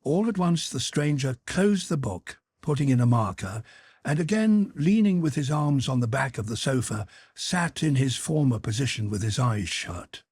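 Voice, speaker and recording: A man reading a classic novel as an audiobook narrator in a steady, even storytelling voice. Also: mid-range voice, moderate pace, husky, no room sound, clean studio sound.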